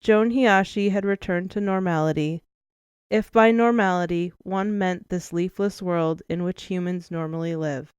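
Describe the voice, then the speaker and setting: A woman narrating an audiobook in a measured, expressive storytelling manner, close to the mic. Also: fairly low pitch, clean tone, no echo. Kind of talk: scripted narration.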